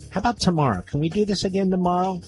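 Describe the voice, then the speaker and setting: A man's voice: high-pitched, very fast, over music. A man hosting talk radio, blunt and scornful toward his guest.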